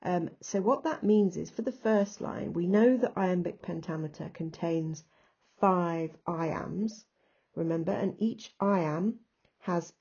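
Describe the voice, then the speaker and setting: A woman's voice: fairly low pitch, vocal fry, mellow, breathy edge, dull audio. A woman with an English accent, teaching a recorded lesson and patiently talking through examples step by step.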